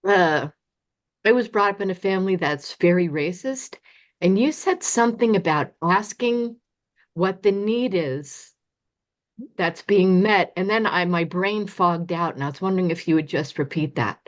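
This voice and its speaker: A woman on a video call asks the host a question. She speaks hesitantly, searching for her words, and her voice sits a little low. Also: expressive, a little slow. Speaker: caller asking a question.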